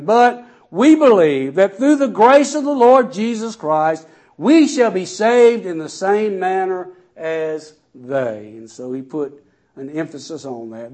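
A man delivers a sermon in a high-pitched voice. He reads scripture aloud and then explains it in everyday words. His volume rises and falls sharply to drive each point home. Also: darkish tone. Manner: raises and lowers his voice sharply for emphasis. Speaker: preacher.

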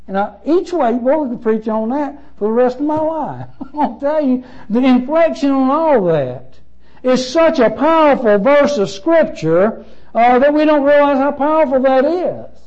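Pastor, male, high voice, emphatic sermon delivery, lo-fi church recording. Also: expressive, unhurried, a little mellow. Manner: emphatic, repeats phrases with shifting stress.

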